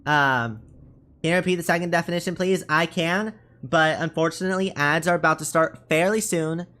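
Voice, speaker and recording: A man's voice: on the high side, normal speed, pushed and bright. A man streaming a game and chatting casually with viewers, rambling with many fillers and restarts. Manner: rambling, chatty, lots of fillers and self-corrections. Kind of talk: casual live-stream chat while gaming.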